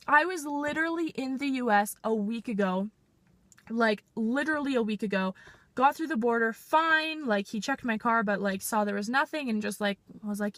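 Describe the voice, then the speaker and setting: A 19-year-old woman from Canada tells a story in a fed-up, swearing vlog rant, with "like" in nearly every sentence. Her voice sits a little high. The sound is dry, with no room echo. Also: normal speed, fairly bright tone. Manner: exasperated, swearing, heavy use of "like". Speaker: vlogger.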